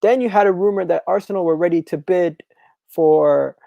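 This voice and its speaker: A man hosting a live football talk stream, reading viewer comments and repeating his phrases in a chatty, animated way. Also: sits high, moderate pace, gravelly, dry recording, lo-fi sound. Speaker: football channel host.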